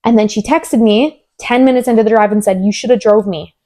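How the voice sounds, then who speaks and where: Young woman, podcast co-host, warm mellow tone, casual storytelling, lots of "like". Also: a little high, a little fast. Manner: animated, acts out quoted dialogue, many "like" fillers.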